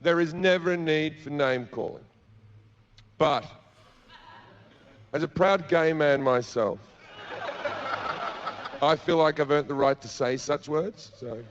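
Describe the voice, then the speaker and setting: A man's voice: on the high side, slow, pauses often. Crude Australian man telling a stand-up story. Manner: crude, profane, acts out the people in his story. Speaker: stand-up comedian. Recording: dull lo-fi live recording with noise.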